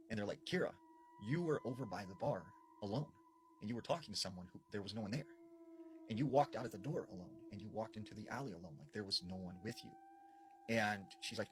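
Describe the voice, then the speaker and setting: Lively man telling a scary story. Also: fairly low pitch, a little fast, slight background noise, rough recording. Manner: animated, conversational with frequent fillers. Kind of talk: casual spoken scary storytelling.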